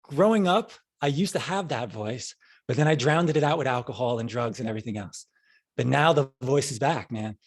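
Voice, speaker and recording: A man's voice: medium pitch, moderate pace. A middle-aged man with a New York accent, a podcast guest telling stories in a rambling, casual way with frequent restarts. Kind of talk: casual interview.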